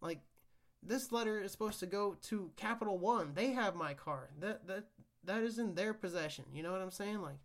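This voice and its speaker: A young man talks through his own podcast in a loose, rambling monologue. His voice sits slightly high for a man, and he swears freely as he rants about his week. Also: brisk. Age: young adult. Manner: profane, rambling, animated ranting. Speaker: podcast host. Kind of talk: casual solo podcast monologue.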